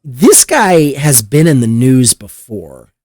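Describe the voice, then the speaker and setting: A man's voice: medium pitch, big pitch swings, takes it slowly, a little mellow, dry recording, studio quality. Profane, exasperated male podcast host. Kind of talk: casual news commentary.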